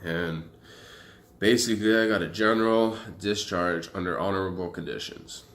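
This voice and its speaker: His voice sits low and his pace is moderate as this young man from Arizona vlogs about his life. He talks loosely and animatedly, swearing as he rambles through the story.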